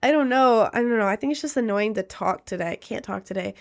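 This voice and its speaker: A woman chats on a livestream, reading viewer comments aloud and filling her talk with "um" and "like." Her voice is pitched a little high, sounds nasal from lingering congestion after a cold, and carries a gravelly fry. Soft music plays faintly behind her. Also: expressive, fairly quick, few pauses. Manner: chatty, with many fillers like "um" and "like".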